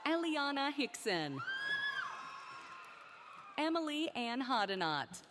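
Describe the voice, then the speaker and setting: A woman reading out graduates' names one by one at a commencement ceremony, careful and deliberate. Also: high voice, big pitch swings. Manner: slow, careful name reading. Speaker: commencement name reader. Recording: crowd and noise of a large ceremony.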